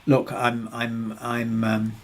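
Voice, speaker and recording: A man's voice: mid-range voice, monotone, slow pace, a little hiss or hum. A man presenting a webinar, answering audience questions in a hesitant way, with many restarts. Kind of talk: live webinar Q&A.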